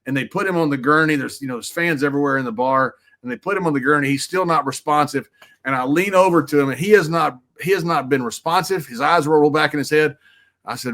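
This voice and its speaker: A man with a bright, forceful tone spins a loose, rambling story as a podcast guest. He circles back on himself, throws in crude jokes and keeps the telling animated. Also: a little high, brisk. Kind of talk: casual anecdotal storytelling.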